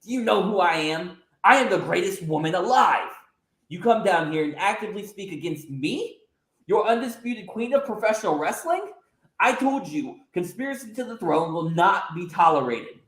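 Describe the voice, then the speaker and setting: A haughty, taunting female wrestling champion, put on by a man in a raised, somewhat higher voice. She brags without pause and sneers at everyone around her. The room adds a roomy echo. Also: lightly acted. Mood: indignant.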